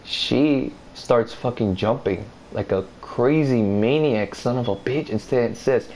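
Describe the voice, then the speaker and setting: A man's voice: a little slow, hardly any pauses, a little hiss or hum, low-quality recording. A man telling a personal story in a casual, rambling way, swearing freely and acting out what others said. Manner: rambling, profane, animated retelling; acts out others' lines in a higher voice.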